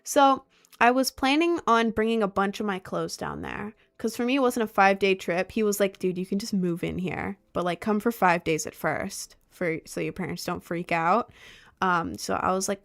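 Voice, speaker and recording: A young woman in casual storytime chat, animated and exasperated, sometimes slipping into mock voices of others. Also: medium pitch, moderate pace, creaky. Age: young adult. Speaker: vlogger.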